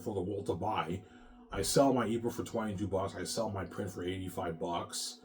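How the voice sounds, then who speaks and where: A man's voice: sits low, fairly even intonation, normal speed, darkish tone. A man rambling through a profane personal monologue, often stammering and repeating himself. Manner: repetitive, profane, stammering restarts. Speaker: vlogger.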